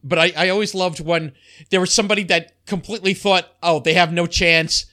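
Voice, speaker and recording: Bright, high-voiced man chatting and laughing. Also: fairly even intonation, fairly quick, dry recording, clean studio sound. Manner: laughs often, many restarts and fillers. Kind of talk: casual chat.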